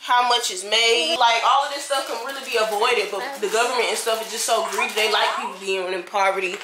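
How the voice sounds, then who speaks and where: A woman's voice: on the high side, brisk, echoey room, crowd noise, poor audio. A young woman in her early twenties from Florida, chatting candidly and slangily as a vlogging mom at home. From Florida, USA. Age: early 20s. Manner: relaxed and candid, slangy, jumps between baby talk and venting. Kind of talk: casual chat. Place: home indoors.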